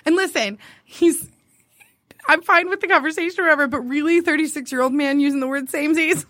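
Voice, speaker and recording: A woman's voice: sits high, brisk, fairly bright tone, no room sound. A young woman co-hosting a podcast, casually reading dating-app messages aloud and giggling often. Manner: giggly, often laughing while telling a story. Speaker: podcast co-host.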